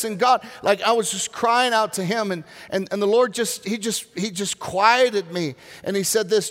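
Male pastor, high voice, earnest sermon, long hall echo. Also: a bit bright. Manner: earnest preaching with slow, drawn-out emphasis. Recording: reverberant hall.

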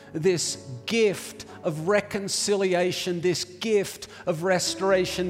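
A man preaching a sermon, telling a story and building to emphatic declarations. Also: high voice. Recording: reverberant hall with faint music.

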